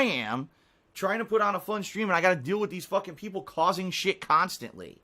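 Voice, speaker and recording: A man's voice: high voice, animated, fairly quick, sharp tone. Heated, foul-mouthed male streamer. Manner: heated, profane ranting. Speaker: live streamer. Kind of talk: unscripted stream talk to chat.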